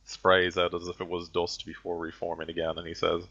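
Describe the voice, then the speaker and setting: A man's voice: sits low, monotone, brisk, gravelly, a bit bright. A man narrating a tabletop game as game master, hesitant with many fillers. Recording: dull lo-fi audio.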